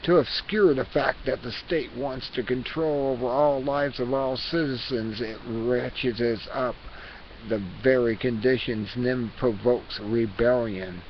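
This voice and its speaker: A man vlogger reading an article aloud, halting and repeating words as he goes. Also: medium pitch, fairly even intonation. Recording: dull lo-fi recording with hiss.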